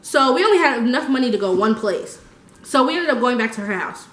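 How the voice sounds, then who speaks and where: A young woman telling a story casually, animated and slangy, laughing often. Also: fairly high pitch, brisk, roomy sound. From United States. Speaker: vlogger.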